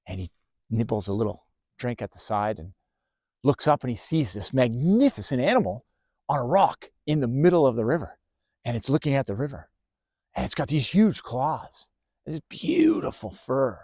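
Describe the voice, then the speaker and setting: A man narrating an improvised story for children in a relaxed, loose way with fillers. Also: mid-range voice, dry recording, clean studio sound.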